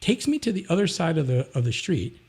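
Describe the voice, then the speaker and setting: A man talking as a podcast guest, telling a long story in an animated, rambling way and acting out other people's voices. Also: a little high, brisk, breathy edge. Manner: rambling, with frequent restarts and "you know". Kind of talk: casual anecdote storytelling.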